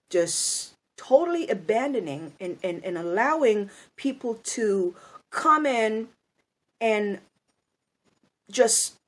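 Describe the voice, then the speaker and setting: A woman speaking in a blunt, scolding monologue, angry and firing off rhetorical questions. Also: on the high side. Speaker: video commentator.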